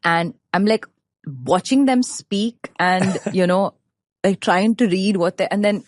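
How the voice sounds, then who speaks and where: A woman in her thirties, a guest chatting on a podcast, telling her stories with animation and breaking into the voices of the people she quotes. She laughs often as she talks, her pitch sits in a middle register, and the sound is close and dry. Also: unhurried, dry recording. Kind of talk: casual conversation.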